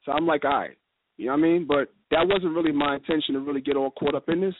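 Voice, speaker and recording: A man speaking as a guest in a casual radio discussion, telling stories with quick, animated quoted dialogue. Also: fairly high pitch. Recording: noisy phone line.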